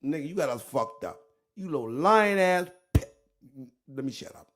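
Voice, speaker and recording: A man giving a loud, profane, mocking commentary rant, swinging between shouts and low mutters. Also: lively intonation, normal speed. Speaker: online commentator. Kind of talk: ranting commentary.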